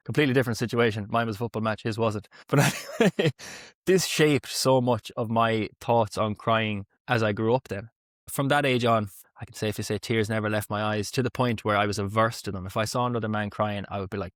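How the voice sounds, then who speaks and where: A man's voice: lowish voice, fairly quick, no room sound, studio quality. A young man hosting a podcast, telling a heartfelt personal story openly, with some swearing. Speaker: podcast host. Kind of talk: emotional podcast conversation.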